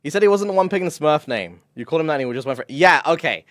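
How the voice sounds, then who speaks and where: Excitable young man chatting on stream. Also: a little high, racing, no echo, studio quality. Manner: excitable, swears, lots of fillers and laughs. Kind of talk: casual stream chat.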